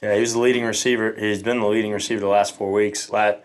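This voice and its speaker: A young man, a football coach appearing as a podcast guest, telling a story in a relaxed, laid-back way. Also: lowish voice, fast. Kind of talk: casual chat.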